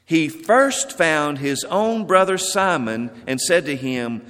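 A man delivers a sermon in a slightly raised voice, reading scripture with building emphasis and then dropping low to drive a point home. His words ring out with the long reverb of a large hall. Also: slow, few pauses, fairly bright tone. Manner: reads scripture aloud with rising emphasis, then drops low. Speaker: preacher.

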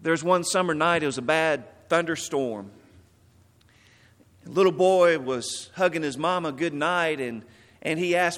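A man preaching a sermon as pastor, telling stories and stressing words, then dropping softly. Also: fairly high pitch, unhurried, in a large hall.

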